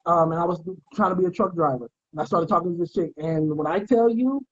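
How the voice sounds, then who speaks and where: A man spins animated stories in a relaxed podcast chat, slipping into quoted voices and street slang. His voice is husky and breathy. The audio sounds dull and lo-fi. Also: high voice, fast talker. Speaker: podcast co-host. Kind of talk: casual storytelling chat.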